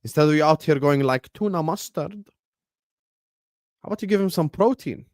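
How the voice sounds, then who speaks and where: A man hosting a football watchalong stream, bantering with chat and breaking into loud bursts when the match heats up. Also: a little high, expressive, fast, dry recording, clean studio sound. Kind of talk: casual live-stream chat with match commentary.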